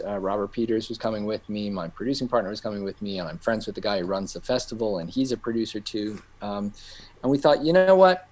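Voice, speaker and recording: Middle-aged guy on a podcast spinning a yarn, lowish voice, acts out the people in it. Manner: animated storyteller who acts out quoted voices. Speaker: guest filmmaker. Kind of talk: casual anecdote telling.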